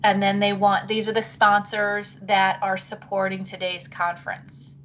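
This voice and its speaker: A woman's voice: medium pitch, little pitch movement, a little slow, a bit bright, a little hiss or hum. Woman presenting a teacher webinar. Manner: chatty, apologetic, thinking aloud while clicking. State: voice wavering, clearing throat.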